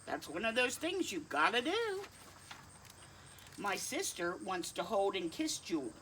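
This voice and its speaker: A woman's voice: medium pitch, big pitch swings, measured pace, a bit bright, slight background noise. A middle-aged woman reading a picture book aloud to children, kindly, with asides to her pet dog. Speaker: storytime reader.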